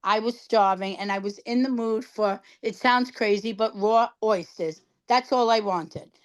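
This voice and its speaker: A woman's voice: medium pitch, unhurried. A middle-aged woman from New York, a guest in a casual chat, telling her story about cancer treatment and acting out the dialogue in it.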